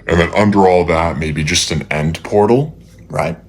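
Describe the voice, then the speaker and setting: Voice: low-pitched, moderate pace. A performer delivering punchlines in a comedy sketch, swearing casually.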